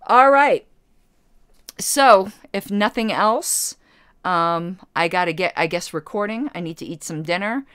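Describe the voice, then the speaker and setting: A woman talks through chat questions on her own livestream, blunt and chatty. She keeps stopping to correct herself mid-thought. Her voice sits at a middle pitch and sounds dry and close to the mic. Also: a little slow, a bit bright, clear, resonant tone, no room sound. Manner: chatty, rambling self-corrections, blunt asides. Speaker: party committee member hosting a livestream. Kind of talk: casual livestream Q&A, reading chat.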